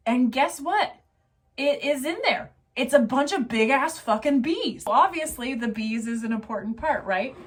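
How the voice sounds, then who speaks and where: Her voice sitting high and her pace measured, a tipsy casual book reviewer gives a rambling, foul-mouthed, excited rundown of a novel's plot.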